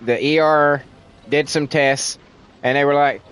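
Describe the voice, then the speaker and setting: A man's voice: a little high, steady tone, measured pace, a bit bright, smooth, rough recording. A man from Tennessee with a thick Southern accent, venting in casual, rambling livestream chat and swearing freely. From Tennessee, USA.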